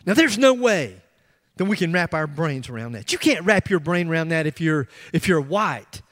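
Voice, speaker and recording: A middle-aged pastor with a high voice delivers his sermon at normal speed, telling his story emphatically and with energy while often stopping to restart a phrase. The long reverb of a large church sanctuary rings around his words.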